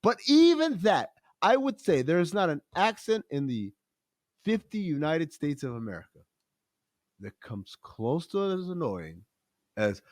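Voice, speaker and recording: A man's voice: fairly high pitch, a little slow, no echo, clean studio sound. A man co-hosting a casual podcast chat, opinionated and joking as he pokes fun at regional accents. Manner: animated, opinionated, mocks accents. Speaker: podcast co-host.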